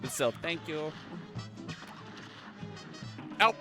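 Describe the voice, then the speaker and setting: A man streaming a video game live, thanking viewers and talking through his tactics, with frequent swearing and excited outbursts. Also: on the high side, very slow, music in the background. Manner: excitable, swears often, thinks aloud about tactics. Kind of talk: live gameplay commentary.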